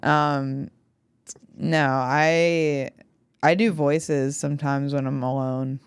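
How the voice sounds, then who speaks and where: A young adult woman hosting a podcast in casual chat, blunt and quick to laugh, with some swearing. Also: sits low, steady tone, smooth, no room sound, studio quality. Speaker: podcast host.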